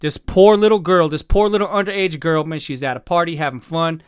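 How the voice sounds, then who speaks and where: A man speaks with a fairly high voice in a dry, close sound. He sounds upset and exasperated as he rants about a clip. He keeps swearing and then apologizing for it. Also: steady tone, a little fast, smooth, no echo. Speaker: commentator reacting to a clip. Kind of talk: angry reaction commentary.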